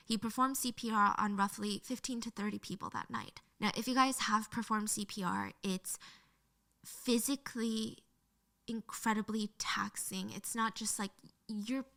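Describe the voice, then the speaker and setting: A woman's voice: mid-range voice, steady tone, moderate pace, gravelly, a bit bright. A woman narrating a true crime story in an earnest, emotional way, played from her original video.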